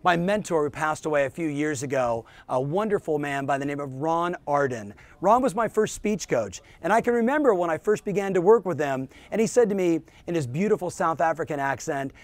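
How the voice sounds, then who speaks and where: A male business coach delivers a motivational talk straight to the viewer. His voice sits high for a man and swings widely in pitch. He punches key phrases with emphatic energy. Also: expressive, a little fast, hardly any pauses, dry recording. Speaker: real estate business coach and show host.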